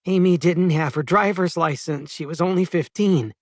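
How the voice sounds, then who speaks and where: A man reading an audiobook and voicing a brisk, dismissive young woman with a raised pitch. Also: darkish tone, dry recording, close to an everyday voice. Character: young woman, protective of her sister.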